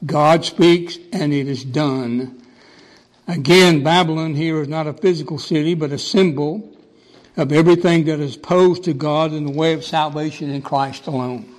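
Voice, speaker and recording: A man's voice: fairly high pitch, moderate pace, long reverb tail, poor audio. A man pastor preaching a sermon, stressing points with emphatic repetition.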